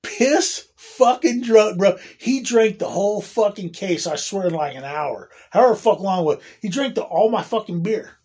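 A man spins a rambling story in a husky, breathy voice, dropping swear words into nearly every line. He laughs often and stumbles over restarts as he talks. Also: sits high, expressive, normal speed, few pauses, darkish tone. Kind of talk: casual storytelling.

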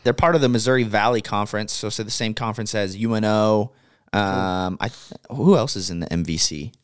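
A young man co-hosting a sports podcast, casual and animated, often repeating his words as he talks. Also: lowish voice, fairly quick, clear, resonant tone, dry recording, studio quality. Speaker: podcast co-host.

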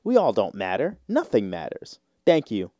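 A man's voice: lowish voice, huge pitch swings, moderate pace, mellow, dry recording, studio quality. A man hosting a solo podcast, rambling in casual slang with lots of fillers. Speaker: podcast host.

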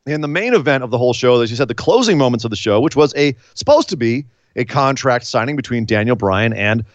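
A man co-hosting a casual chat, retelling events blow by blow in an animated way. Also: mid-range voice, fast talker, dry recording, lo-fi sound. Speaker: podcast co-host. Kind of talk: casual wrestling recap chat.

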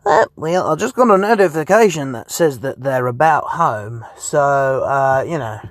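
Sitting in his parked car, a young podcast host delivers a casual monologue in a slightly high voice with lively intonation at normal speed, with no echo. He rambles, curses freely, and laughs a lot.

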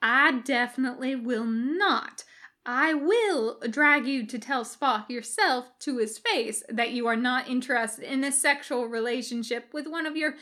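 A woman voicing a gruff, exasperated male doctor in a read-aloud fan fiction, talking dryly and grudgingly. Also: high-pitched, sharp tone, heavily acted. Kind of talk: podfic fan fiction reading.

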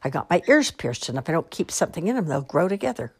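A woman's voice: low-pitched, sing-song, fast talker, darkish tone, husky, pitched above the performer's own voice, exaggerated voice. A woman voicing a tough, bossy girl who is playing Mary in a church pageant, blunt and defiant in a read-aloud story.

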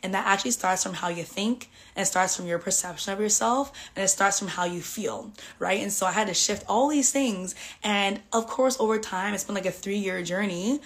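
A woman's voice: medium pitch, moderate pace, few pauses. Candid, chatty woman host. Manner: candid, emotional, chatty, with frequent "like" fillers. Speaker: podcast host. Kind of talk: personal storytelling monologue.

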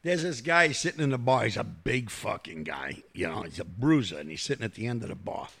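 A man with a New York accent, co-hosting a podcast and telling crude bar jokes in a casual, swearing way, his voice gravelly and husky. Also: medium pitch, lively intonation, fairly quick. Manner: crude, drops to a mutter mid-story then laughs loudly at punchlines.

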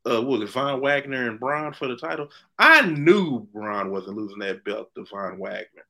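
A man's voice: medium pitch, moderate pace, gravelly. Opinionated man chatting on a podcast. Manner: animated, opinionated, trails off and restarts. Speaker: podcast co-host. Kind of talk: casual chat.

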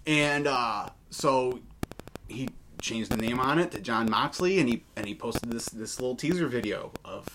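A man's voice: medium pitch, lively intonation, moderate pace, noisy background. Man chatting casually with lots of ums. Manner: hesitant, many fillers and restarts. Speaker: podcast co-host. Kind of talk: casual wrestling news chat.

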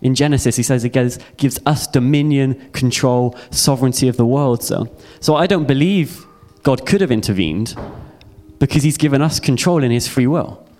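A man's voice: medium pitch, moderate pace, darkish tone. Earnest young man preaching. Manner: earnest and heartfelt, with repeated phrases. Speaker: youth speaker. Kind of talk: personal testimony sermon.

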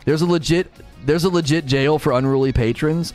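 Over soft background music, a man talks a little fast while gaming on a live stream. He's chatty, reading viewer messages aloud and answering them, his pitch swinging animatedly.

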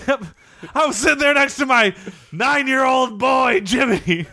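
A young man guesting in an improvised comedy interview, telling tall tales in an over-the-top, melodramatic way, often shouting. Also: very high voice, unhurried.

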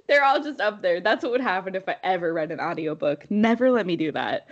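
A woman's voice: mid-range voice, brisk, few pauses. Giggly young woman podcast co-host. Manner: giggly, animated, laughs often. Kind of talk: casual chat.

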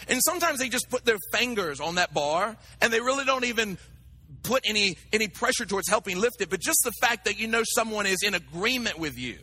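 A man preaching a sermon, animated and talking to his congregation with acted asides. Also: high-pitched, quick pace, breathy edge. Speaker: pastor.

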